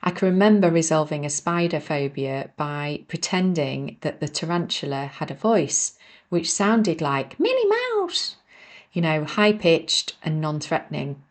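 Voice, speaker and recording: A woman's voice: low-pitched, measured pace. A woman, reading her own self-help book aloud on her podcast and breaking off into chatty, self-deprecating asides to her listeners. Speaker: author and podcast host.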